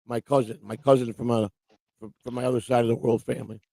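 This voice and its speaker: A man with a gravelly, rough-edged voice rants through a casual morning livestream. He rambles, swears freely and mocks people by quoting them. The sound is dry and close, with no room around it. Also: medium pitch, little pitch movement, quick pace, dark tone, no room sound. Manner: profane, rambling, quotes people mockingly. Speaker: livestream show host. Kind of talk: casual ranting chat. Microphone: livestream microphone.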